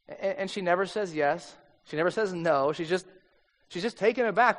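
High-voiced preacher in an echoing hall. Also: male voice, normal speed. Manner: conversational storytelling preaching. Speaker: pastor. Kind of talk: sermon. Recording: long hall reverb.

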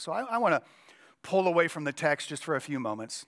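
A middle-aged male pastor preaching a sermon with a strained, cracking voice, emphatic and slowing down to stress key lines. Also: a little high, very animated, a bit bright. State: voice cracking, throat clearing.

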